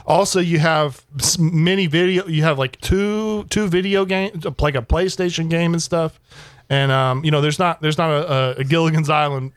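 Guy on a podcast kinda stumbling for words, slightly high voice, dry sound. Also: smooth, dry recording. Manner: halting, searching for words. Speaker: podcast co-host. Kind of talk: casual chat.

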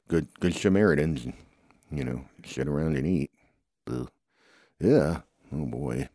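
Man, very low mellow voice, dry recording; rambling improvised storyteller, groans and "oh boy" asides. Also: no echo. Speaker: storyteller voicing toy characters.

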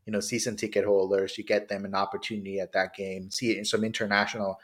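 A man from Honduras co-hosting a sports podcast, giving measured, thoughtful takes in casual chat with frequent "you know". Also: lowish voice, flat delivery, fairly bright tone. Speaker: podcast co-host.

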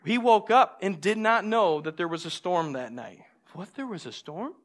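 A man preaching a sermon, telling stories with lively, acted-out moments and drawing lessons from scripture. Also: high-pitched, normal speed. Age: adult with a young son. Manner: animated storytelling, acts out scenes. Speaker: pastor.

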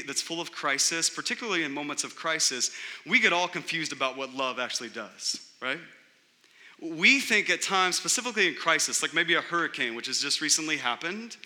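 Male pastor, sermon delivery, slightly high and very bright voice, repetitive emphatic phrasing. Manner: preaching with pauses and emphatic repetition. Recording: long hall reverb.

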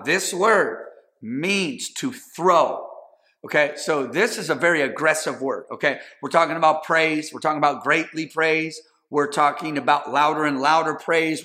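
A male pastor preaching with emphatic, call-and-response energy. His voice sits a little high for a man and sounds bright and forceful. He repeats words and urges the congregation to answer back. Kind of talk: sermon. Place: church in Los Angeles.

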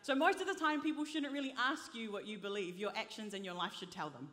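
A woman's voice: mid-range voice, fast talker, fairly bright tone. A woman preacher delivering an impassioned sermon to a congregation in a large church hall, urging them to repeat after her. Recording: long reverb of a large hall.

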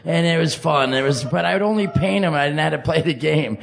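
A man's voice: on the high side, fast, vocal fry. A man chatting loosely and cheerfully into a mic, laughing as he talks. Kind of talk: casual podcast chat. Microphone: studio mic.

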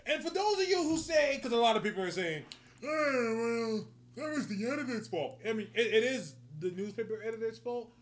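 High-pitched male host, profane comic ranter. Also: lively intonation, a little fast. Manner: profane, ranting, laughs a lot. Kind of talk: casual comic rant.

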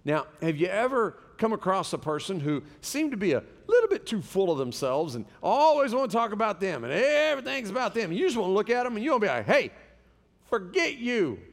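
Male pastor, high lively voice, joking storyteller, big echoey church hall. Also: quick pace, few pauses. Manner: animated storytelling with humor. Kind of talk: sermon.

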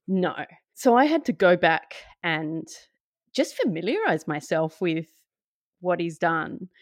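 A woman's voice: on the low side, big pitch swings, slow, no room sound. A woman co-hosting a podcast, chatting casually with dry, wry humor and steering the topic. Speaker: podcast co-host. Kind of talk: casual chat.

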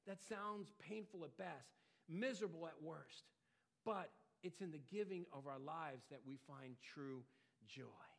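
A man preaching a sermon, earnest, swelling louder and dropping quiet for emphasis. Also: a little slow, vocal fry. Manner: earnest, rises and falls in pitch and loudness for emphasis. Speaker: pastor.

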